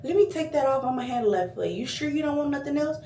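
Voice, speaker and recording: A woman's voice: expressive, fast, dark tone, reverberant, distant mic, slight background noise. Woman mocking a gushing, falsely sorry waiter. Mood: fake apologetic. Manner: high, gushing apology. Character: overly apologetic male waiter, flustered and falsely sweet.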